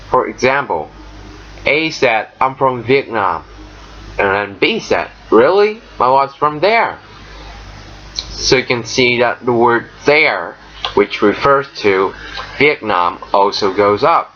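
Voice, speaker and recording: A man teaching an English lesson, explaining step by step with frequent pauses and fillers. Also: fairly low pitch, pushed and bright. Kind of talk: recorded lesson walkthrough. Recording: dull lo-fi recording, faint noise.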